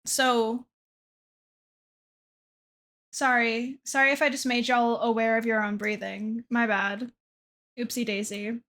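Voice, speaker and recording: A woman's voice: fairly high pitch, little pitch movement, slow pace, pauses often, a bit bright. A young woman streamer chatting casually to her chat from a dim room at her desk, self-deprecating and trailing off with fillers.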